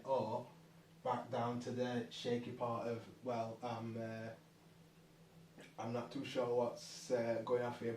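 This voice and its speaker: Man, rambling casual explainer, mid pitch, roomy distant recording. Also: darkish tone. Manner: rambling, hesitant, lots of fillers and restarts. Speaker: channel host. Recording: echoey room, distant mic, faint noise.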